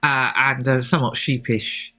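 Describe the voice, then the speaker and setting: Woman, podcast co-host, excited rambling chat, bright tone. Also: very deep voice, moderate pace. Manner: enthusiastic, rambling with many fillers. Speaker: podcast co-host and rugby photographer. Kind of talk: excited casual chat about rugby.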